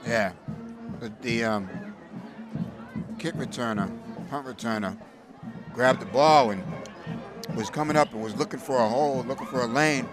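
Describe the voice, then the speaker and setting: A man giving casual, hesitant color commentary on a high school football game from the press booth. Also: moderate pace, long pauses. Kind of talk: local sports commentary. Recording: loud crowd and music behind.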